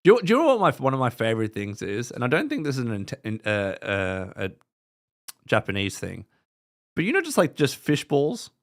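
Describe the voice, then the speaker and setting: Animated Australian man chatting on a stream. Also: medium pitch, a little fast. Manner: rambling, chatty, swears casually, reacts to chat. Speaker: live stream host. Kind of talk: casual chat with live viewers.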